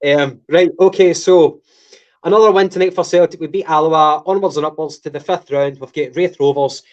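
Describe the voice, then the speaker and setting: A man's voice: on the high side, steady tone, normal speed, lo-fi sound. A Scottish man hosting a casual fan podcast, dry and teasing as he steers the talk. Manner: dry, teasing, wraps things up. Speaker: podcast host.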